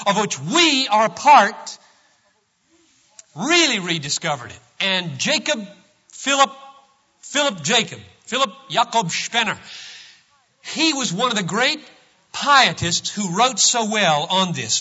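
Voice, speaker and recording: Man preaching, hushed to loud and emphatic. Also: high-pitched, big pitch swings, unhurried, dull audio. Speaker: pastor. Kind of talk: sermon.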